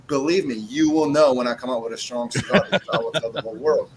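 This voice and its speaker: A man's voice: medium pitch, quick pace, a little hiss or hum, rough recording. A man in his forties, a cigar brand owner and podcast guest, talking in a blunt, casual way, swearing freely and acting out what he says to customers. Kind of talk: casual chat.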